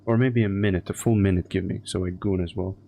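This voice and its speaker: A man's voice: low voice, fairly even intonation, fast talker, vocal fry, mellow. A man chatting casually on a live stream, crude and profane as he rambles through anecdotes.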